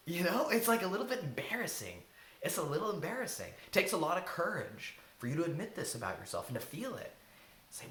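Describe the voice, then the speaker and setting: An earnest man coaching in a casual, informal way, now and then letting a swear word slip. His pitch swings widely up and down as he talks. The sound is roomy, with a faint hiss underneath. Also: very animated, fast talker, a bit bright. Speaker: self-help coach. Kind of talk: casual advice talk to camera. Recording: echoey room, faint hiss.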